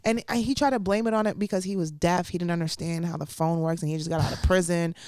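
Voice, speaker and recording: A young adult woman comedian telling stories in a casual podcast chat, animated and slangy, laughing often. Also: on the low side, quick pace, smooth, dry recording, studio quality. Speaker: comedian guest.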